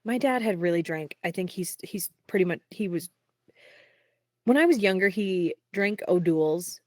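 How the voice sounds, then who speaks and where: A young woman, a singer-songwriter, talking candidly in a casual interview, peppering her speech with "like" and quick laughs. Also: on the low side, lively intonation, darkish tone, dry recording, clean studio sound. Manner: frequent "like" fillers, quick laughs.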